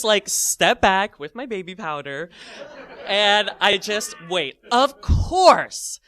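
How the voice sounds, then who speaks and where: A man telling a comic personal story, animated and full of fillers, acting out his own thoughts as he goes. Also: high-pitched, smooth, dry recording.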